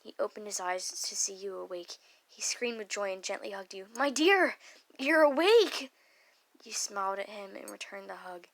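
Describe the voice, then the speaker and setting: A woman's voice: medium pitch, level tone, fairly quick, gravelly, a bit bright, rough recording. A woman reading a fanfic aloud, stumbling over words and dropping offhand side comments.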